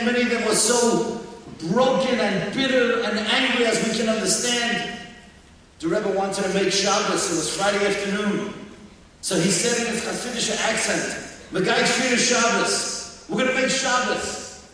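High-voiced man preaching in an echoey hall. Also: normal speed. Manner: animated, acts out quotes and breaks into song. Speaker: rabbi giving a talk. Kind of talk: storytelling sermon. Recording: echoey hall, distant mic, faint ambience.

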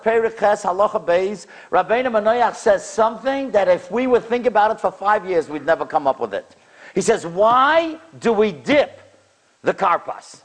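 Animated high-voiced rabbi telling stories. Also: male voice. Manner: animated, acts out the people in his stories with big jumps in pitch and loudness. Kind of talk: sermon storytelling.

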